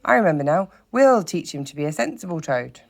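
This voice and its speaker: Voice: mid-range voice, very animated, a little fast, vocal fry, voice pushed up. A teacher reading aloud, voicing an eager, earnest male mole. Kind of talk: storybook read-aloud.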